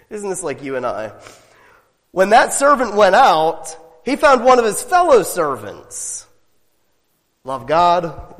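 A man preaching a sermon as pastor, emphatic and animated, asking his listeners rhetorical questions. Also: mid-range voice, in a large hall.

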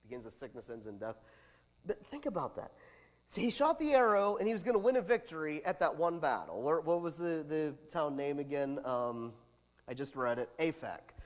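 A man pastor preaching a sermon, animated, with big swings in loudness and chatty asides. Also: fairly high pitch, normal speed, long reverb tail.

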